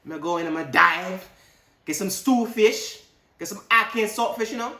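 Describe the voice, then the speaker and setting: A man voicing a laid-back retired spy turned Jamaican beach dweller, in a put-on Jamaican accent with a relaxed, singsong patois. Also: sits high, brisk, reverberant, distant mic, pitched above the performer's own voice. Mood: carefree. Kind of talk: comic impression in a review.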